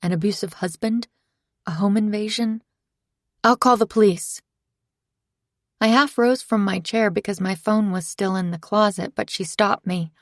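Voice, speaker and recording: A woman reading a first-person thriller in steady, scripted narration. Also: mid-range voice, normal speed, no room sound, studio quality. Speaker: audiobook narrator.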